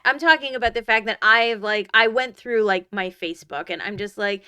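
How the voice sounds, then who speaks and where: A woman around forty, co-hosting a podcast in casual chat, blunt and emphatic and quick to swear. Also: on the high side, sharp tone, smooth, no echo, clean studio sound. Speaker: podcast co-host.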